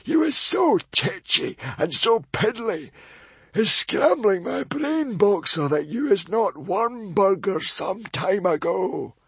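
A man voicing a menacing hairy male librarian, a swordsman who hisses slowly in broken grammar. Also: sits high, expressive, a bit bright, slightly rough, dry recording, pitched above the performer's own voice, exaggerated voice. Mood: sneering. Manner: hissing, slow, mangled grammar.

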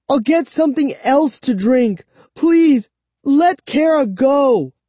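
Man doing a frantic, high young boy. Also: animated, normal speed, warm tone, dry recording. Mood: pleading. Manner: high, urgent, pleading. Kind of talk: audiobook reading.

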